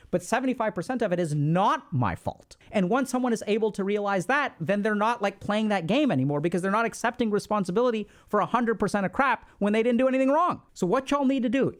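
A therapist giving casual, blunt advice, who swears and acts out sample conversations. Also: medium pitch. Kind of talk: casual advice talk to camera.

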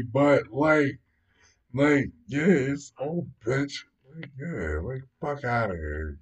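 A man hosting a casual show reacts to news stories in a slow, medium-pitched voice with lively intonation. He's dismissive and swears heavily, rambling with fillers like "yo" and "know what I mean". His voice sounds distant from the mic.

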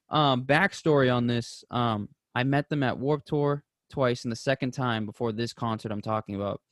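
A young man and podcast co-host in casual chat. He tells stories with animated energy, jumping into high excited voices when quoting people and dropping soft and low on heavier moments. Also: no room sound, clean studio sound.

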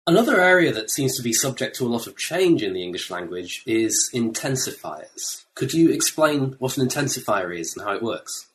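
A man interviewing an author, asking measured, clear questions. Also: medium pitch, very animated, fairly bright tone. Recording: faint background noise.

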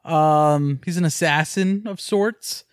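A man's voice: fairly high pitch, slow, clear, resonant tone, no echo, studio quality. A man co-hosting a podcast, chatting casually and joking, with lots of swearing. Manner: laid-back, profane, joking. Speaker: podcast co-host. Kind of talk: casual chat.

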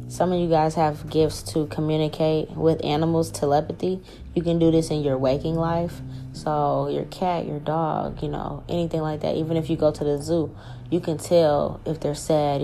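A woman's voice: deep voice, creaky, mellow. A young woman hosting a spiritual podcast, talking in a laid-back, rambling way and swearing casually. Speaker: podcast host.

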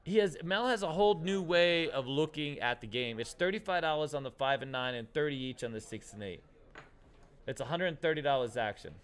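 A man hosting a casual stream, excitable and rambling, calling people "dude". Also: fairly high pitch, brisk, clear, resonant tone. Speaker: host. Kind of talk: casual livestream chat.

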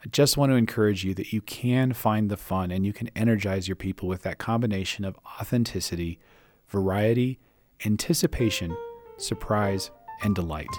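A man's voice: on the low side, normal speed, a little mellow, soft background music. A man hosting a podcast, answering listener questions on leadership with an encouraging, reassuring manner. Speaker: podcast host and leadership coach.

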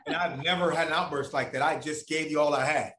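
Brief: man, storyteller, slightly high voice, animated and profane, echoey room. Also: quick pace, noisy background. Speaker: guest telling a story. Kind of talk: casual storytelling.

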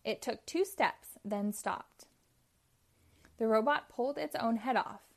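A woman reading a children's chapter book aloud in a slow, clear, expressive way. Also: fairly high pitch. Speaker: storyteller.

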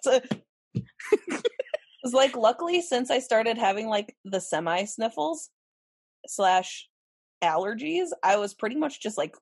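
A woman's voice: a little high, expressive, slow pace, long pauses, slightly rough, no echo, clean studio sound. A young adult woman co-hosting a podcast in casual chat, swearing casually and laughing a lot. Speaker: podcast co-host.

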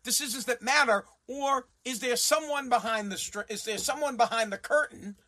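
A man's voice: very high-pitched, normal speed, sharp tone. A man hosting a commentary show, ranting bluntly and sarcastically and swearing freely.

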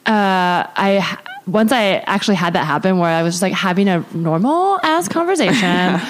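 A woman's voice: on the low side, animated, moderate pace. A woman comedian hosting a podcast, talking in a candid, reflective way. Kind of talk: casual podcast chat.

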